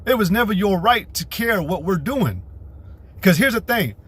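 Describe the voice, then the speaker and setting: A man's voice: high-pitched, animated, moderate pace, fairly bright tone, breathy edge. A man preaching a profane, combative livestream sermon, repeating himself and mocking women in put-on voices. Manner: mocks women in a mimicking voice. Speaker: street preacher.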